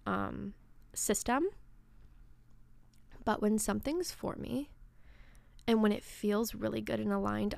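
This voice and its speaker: Young female podcast host, casual and animated, smooth tone, dry recording, occasional whispered asides. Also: medium pitch, no room sound. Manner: chatty, swearing, with whispered asides. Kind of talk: casual spiritual podcast monologue.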